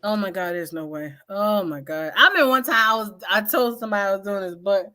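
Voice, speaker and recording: A woman co-hosting a casual chat show, telling lively stories and laughing often. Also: medium pitch, fast. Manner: animated storytelling, laughing often. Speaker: co-host.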